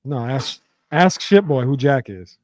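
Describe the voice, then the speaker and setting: A man's voice: medium pitch, animated, unhurried, no echo. A man co-hosting a podcast in casual chat, opinionated and profane on a close studio mic. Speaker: podcast co-host.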